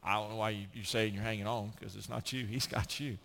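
A man's voice: lowish voice, fast talker, vocal fry, a little hiss or hum. A middle-aged American man preaching a sermon, telling stories and acting out the people he quotes. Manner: storytelling preacher, animated, acts out quotes. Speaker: pastor.

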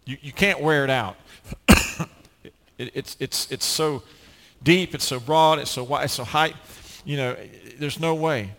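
A man's voice: a little high, unhurried, fairly bright tone, in a large hall. A man preaching a sermon as pastor, earnest and emphatic, often restarting his phrases.

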